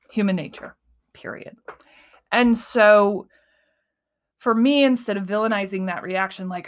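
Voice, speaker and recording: A young adult woman hosting a solo podcast in a casual, animated way, acting out her inner voices and often asking "right?". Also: mid-range voice. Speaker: podcast host.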